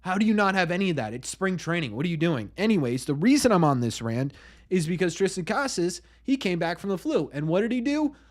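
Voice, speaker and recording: A man hosting a casual live stream, greeting viewers in chat by name and ranting excitedly. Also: sits high, a little fast.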